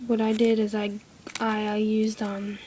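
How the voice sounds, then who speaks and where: A woman's voice: mid-range voice, monotone, a little slow, warm tone, rough recording. A teenage girl half-whispering a casual craft tutorial at home, apologetic and easily irritated. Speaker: craft video maker. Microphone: iPod camera close by. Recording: faint background noise.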